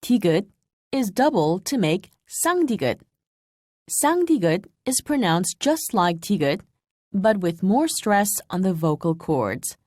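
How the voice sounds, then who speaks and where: A woman giving scripted narration for a language lesson, explaining sounds in a clear, measured way. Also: mid-range voice, sing-song, a little mellow, no echo, studio quality. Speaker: language instructor.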